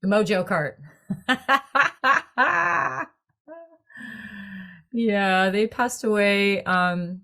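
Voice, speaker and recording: A woman with a low voice tells a story to a small group in conversation. She is animated and laughs often as she goes. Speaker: choir director.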